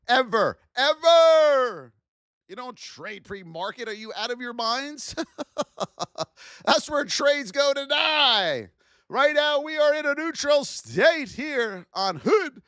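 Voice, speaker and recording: Animated high-pitched man hosting a livestream. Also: dry recording, studio quality. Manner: animated, shouts out to chat viewers. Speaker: trading livestream host. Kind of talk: live stream market commentary.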